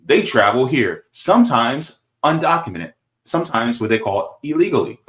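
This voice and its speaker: A man's voice: mid-range voice, very animated, normal speed. A man commenting on a video clip in casual political talk, emphatic and repetitive, tossing in "right?" and "baby".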